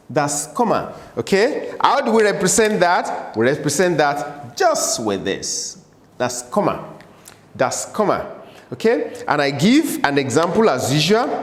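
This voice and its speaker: A man teaching a German lesson in English, patiently repeating each word slowly for learners in a room with a board. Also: a little high. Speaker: language teacher. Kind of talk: slow classroom-style German lesson explained in English. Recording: echoey room with long reverb.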